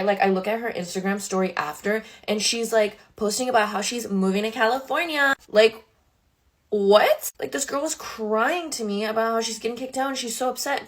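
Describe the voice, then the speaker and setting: A young adult woman, a social media creator, telling a casual storytime from her bedroom makeup table, chatty and full of "like" with indignant asides. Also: medium pitch.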